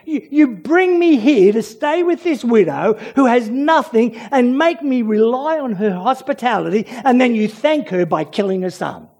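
An agitated prophet pours out pleading, exasperated questions to God, voiced by a male preacher. The voice rides high and swings widely in pitch. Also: lively intonation, normal speed, hardly any pauses, a little mellow, husky, heavily acted. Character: prophet Elijah, agitated man protesting to God.

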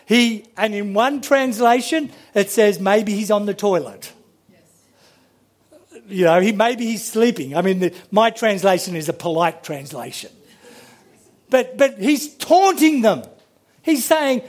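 Casting: male preacher, high voice, lively sermon delivery with repeated words. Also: unhurried. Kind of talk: sermon with Bible reading.

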